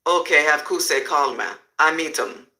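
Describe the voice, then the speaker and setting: A man's voice: fairly high pitch, moderate pace, low-quality recording. A man voicing a cheerful, businesslike male smuggler with a Nigerian accent, speaking in pidgin phrasing. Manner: pidgin phrasing, excited greetings.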